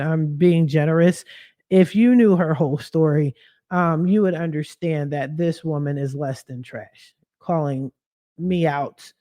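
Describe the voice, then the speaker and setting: A woman's voice: on the low side, a little mellow. A young adult woman hosting a podcast, telling a personal story in a blunt, profane way and laughing often. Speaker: podcast host.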